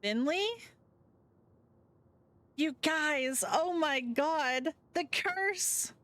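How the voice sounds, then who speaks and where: A woman voicing an excitable young woman friend in a visual novel, gushing and squealing. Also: high voice, very slow, pitched above the performer's own voice, full character voice. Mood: thrilled.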